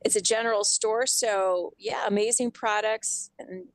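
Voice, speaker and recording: A woman's voice: mid-range voice, fairly even intonation, measured pace, dry recording, low-quality recording. Chatty woman co-hosting radio over video call. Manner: chatty, upbeat, informative. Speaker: radio co-host. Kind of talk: casual radio chat.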